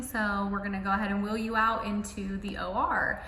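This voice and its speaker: A young woman tells her own story straight to camera, casual and emotional, with a steady stream of "like" fillers. Her voice is bright and sharp. The room rings with echo and a long reverb tail. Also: mid-range voice, brisk, slight background noise. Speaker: vlogger. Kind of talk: personal storytelling.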